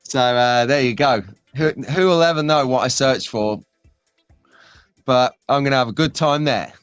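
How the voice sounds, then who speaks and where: A man's voice: mid-range voice, moderate pace, clear, resonant tone, no room sound. Male host, bantering live-stream chat, dry close sound, faint music behind. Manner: jokey, bantering, laughs often.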